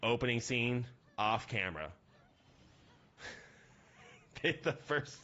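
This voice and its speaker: Young male streamer, joking and rambling, average pitch, slightly muffled mic. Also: animated, slow pace, sharp tone. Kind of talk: casual gaming stream chat.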